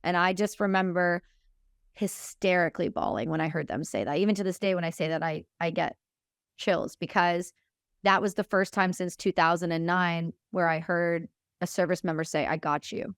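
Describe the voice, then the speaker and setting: Candid woman telling her story, smooth voice. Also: lowish voice, dry recording, clean studio sound. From Canada. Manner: frank and emotional, quotes others in quick dialogue, swears freely. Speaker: podcast guest, military veteran.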